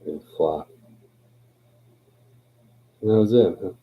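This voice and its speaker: A man's voice: low voice, takes it slowly, husky, narrow, tinny audio. A tipsy man hosting a livestream, rambling in a laid-back, profane way. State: tipsy from drinking. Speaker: livestream host. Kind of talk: rambling casual livestream chat.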